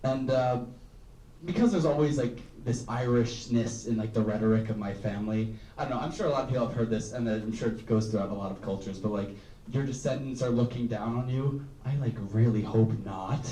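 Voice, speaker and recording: A man's voice: mid-range voice, brisk, mellow, slight background noise. Rambling young male stand-up comic. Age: young adult. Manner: rambling, self-deprecating, full of "um" and "like". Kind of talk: stand-up comedy set. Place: live comedy room with audience. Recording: roomy, distant live recording.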